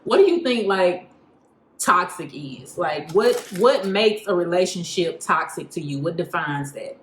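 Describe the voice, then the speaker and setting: A woman's voice: lowish voice, lively intonation, measured pace. A young woman hosts a casual chat over a meal, slangy and laughing while she eats. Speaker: host. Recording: roomy home recording with faint noise.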